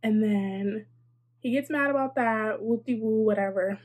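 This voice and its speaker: Chatty young woman with a husky voice. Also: fairly high pitch, a little slow, a little mellow. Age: young adult. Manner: chatty and sarcastic, many likes and asides. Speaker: vlogger. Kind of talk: casual storytime.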